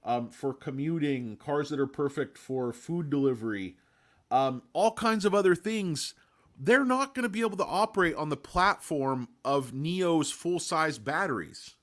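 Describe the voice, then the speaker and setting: A man with a slightly high, bright, animated voice speaks at a measured pace. He hosts a casual stock market livestream, rambling through his points, tossing in crude joking asides and greeting chat viewers by name.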